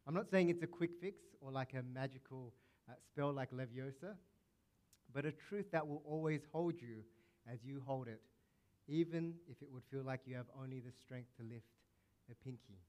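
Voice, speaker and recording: A man's voice: mid-range voice, moderate pace, a little mellow. A male pastor preaching a sermon in a conversational, playful way, acting out quotes now and then.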